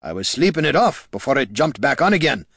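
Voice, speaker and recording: A man doing a gruff hungover dwarf. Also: big pitch swings, fairly quick, a bit bright, dry recording, clean studio sound, exaggerated voice. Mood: grumpy. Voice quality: growling, low.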